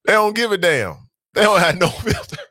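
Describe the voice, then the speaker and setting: A man's voice: sits high, moderate pace, noisy background. A man in his thirties hosting a talk radio show, reading listener comments aloud and reacting with laughter and opinions. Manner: animated, laughing, mocks voices.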